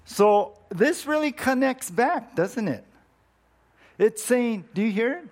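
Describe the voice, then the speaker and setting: A man's voice: very high-pitched, lively intonation, slow pace. A man preaching a conversational sermon as a pastor, often repeating words and rising sharply when he quotes scripture. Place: church.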